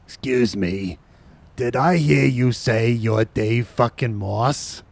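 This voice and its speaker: An actor playing a calm, eerie stranger who speaks slowly and softly. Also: male voice, mid-range voice, creaky, noisy background. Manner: slow, soft, drawn-out.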